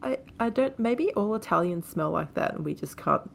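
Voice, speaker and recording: A woman co-hosting a casual chat, retelling a story in a relaxed, conversational way. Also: medium pitch, normal speed, vocal fry, a little hiss or hum. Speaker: podcast co-host.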